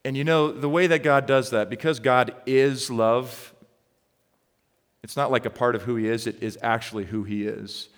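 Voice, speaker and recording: Man, pastor, sermon, chatty storytelling, lively when acting out scenes, long reverb of a hall. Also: medium pitch, normal speed. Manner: conversational storytelling, grows loud and excited when reenacting.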